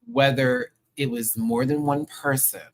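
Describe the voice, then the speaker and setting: A man's voice: mid-range voice, very animated, unhurried. A man hosting a live review show, ranting in a sassy, heated and profane way full of slang. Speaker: show host reviewing a TV episode.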